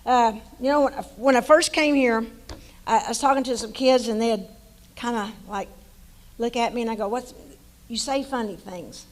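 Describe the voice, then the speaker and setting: Older woman, East Texas accent, retired coach, warm rambling anecdotes with restarts, slightly high voice. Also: fairly even intonation, moderate pace, poor audio. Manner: folksy storytelling with many restarts. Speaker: hall of fame inductee, former coach. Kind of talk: banquet acceptance speech.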